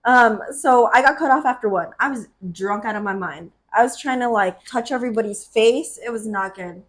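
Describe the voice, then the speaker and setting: A woman in her twenties co-hosting a podcast, telling stories in an animated way with frequent laughter. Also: on the high side, normal speed. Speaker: podcast co-host. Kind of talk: casual chat.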